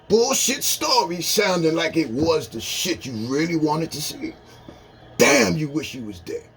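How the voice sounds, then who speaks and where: A man delivering a blunt, profane rant to camera, shifting between loud emphasis and low, muttered remarks. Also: sing-song, a little slow, gravelly, husky, faint music behind.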